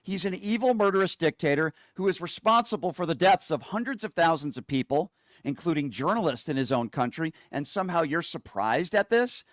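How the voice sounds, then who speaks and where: A man's voice: fairly high pitch, expressive, a little fast, fairly bright tone, dry recording, clean studio sound. A male political talk show host giving opinionated commentary with an angry, mocking tone.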